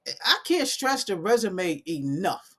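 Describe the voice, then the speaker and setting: A woman's voice: mid-range voice, sing-song, takes it slowly, breathy edge. A woman, talking casually and animatedly to her viewers on a live stream from home, calling them y'all. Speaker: coding academy owner.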